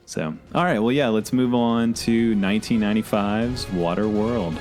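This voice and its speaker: Low-voiced male co-host, thirties, rambling casual banter. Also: normal speed, few pauses, a little mellow, faint music behind. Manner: rambling, self-correcting, teasing. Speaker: podcast co-host. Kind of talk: casual chat.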